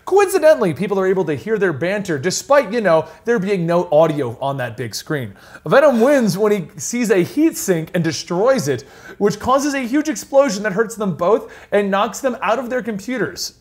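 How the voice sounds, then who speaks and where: A man with a high voice leads a loose podcast chat, reading out a list. His pitch jumps around in a very animated way, and laughter keeps breaking into his talk. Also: moderate pace. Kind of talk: casual chat.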